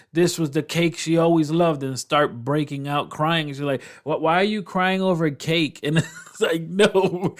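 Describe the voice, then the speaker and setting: A man speaks with earnest warmth of purpose in a middle-pitched voice, talking straight to his listeners like a coach. He presses his points by saying them twice. It is heartfelt motivational podcast talk. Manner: earnest, encouraging, repeats key phrases.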